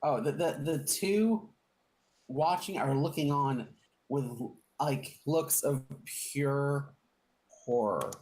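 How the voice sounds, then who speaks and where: A man's voice: mid-range voice, slow pace, darkish tone. A man running a tabletop game as game master, describing the scene with playful, rambling detail.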